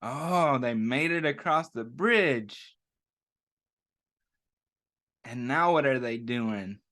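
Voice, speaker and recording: A man hosting a children's story time, reading a picture book aloud and asking the kids gentle questions as he goes. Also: medium pitch, animated, extremely slow.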